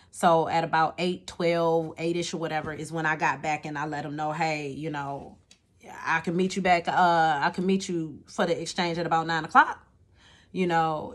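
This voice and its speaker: Animated woman venting a story. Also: sits low. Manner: animated and exasperated, repeats words, talks to viewer with "okay?". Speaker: vlogger telling a personal story. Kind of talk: casual storytelling to camera.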